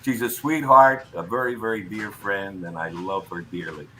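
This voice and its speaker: An older man, a guest entertainer, telling lively stories in a casual interview chat. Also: on the low side, normal speed, low-quality recording. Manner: lively storyteller, acts out voices in anecdotes.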